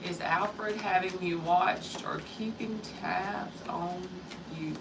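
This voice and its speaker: A woman's voice: lowish voice, takes it slowly, vocal fry, recorded from a distance, noisy background. A woman in her thirties giving a live-stream tarot reading, chatting casually and greeting viewers by name. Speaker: tarot reader.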